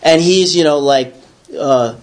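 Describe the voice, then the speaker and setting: A man's voice: on the high side, measured pace. A man from the Bronx telling a personal story to listeners, acting out the voices in his head. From the Bronx, New York. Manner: animated, acts out his own inner voice. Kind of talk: storytelling to a small audience.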